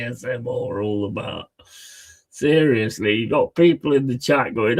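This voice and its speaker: A man's voice: mid-range voice, measured pace, poor audio. A man chatting casually on a live stream, rambling, mocking and swearing a lot.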